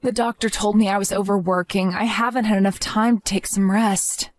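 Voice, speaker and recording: A woman's voice: medium pitch, steady tone, brisk, no room sound. A woman voicing a protective, stern grandmother who demands answers and scolds firmly in a dramatized story. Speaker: narrator and grandmother.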